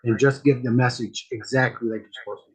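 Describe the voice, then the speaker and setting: A man's voice: medium pitch, steady tone, fairly quick, breathy edge, poor audio. A man, a guest medium, talking casually on a podcast from a home studio with a green screen, telling stories and often repeating words. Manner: rambling storyteller, repeats words.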